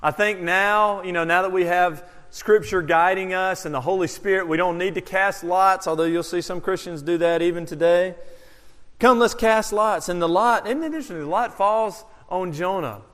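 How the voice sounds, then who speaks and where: High-voiced preacher in a reverberant hall. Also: male voice, moderate pace, hardly any pauses. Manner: animated, rhetorical questions, swings from loud to hushed. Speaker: pastor. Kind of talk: expository sermon.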